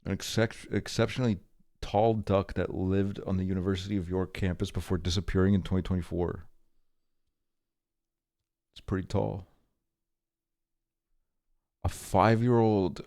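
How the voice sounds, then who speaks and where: A man's voice: deep voice, a little mellow, no room sound, clean studio sound. A man streaming live, reading short items aloud and reacting to them with blunt, profane, offhand remarks.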